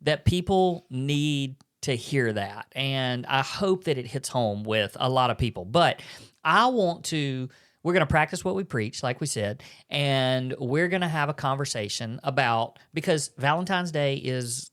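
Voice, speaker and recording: A man's voice: medium pitch, animated, a bit bright, clean tone. A man, co-hosting a casual marriage podcast, affirming often and restarting his sentences. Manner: affirming, frequent "mm-hmm", halting restarts. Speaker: podcast co-host.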